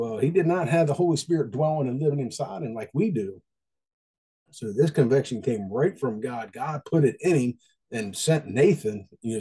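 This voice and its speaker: Folksy man with a mellow voice. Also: medium pitch, slightly rough. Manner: folksy, conversational, repeats phrases. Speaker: Christian devotional speaker. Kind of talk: casual devotional talk.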